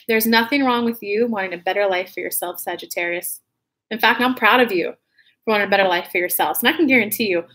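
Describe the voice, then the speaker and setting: Frank woman tarot reader in her thirties, casual chatty horoscope reading, fillers and swears, a little higher voice. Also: a bit bright.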